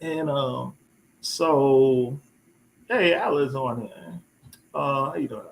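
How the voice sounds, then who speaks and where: A man hosting a casual live chat, telling a rambling story with many restarts and repeated words, lively when he quotes people. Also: medium pitch, slow, vocal fry, a little hiss or hum, poor audio. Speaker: host.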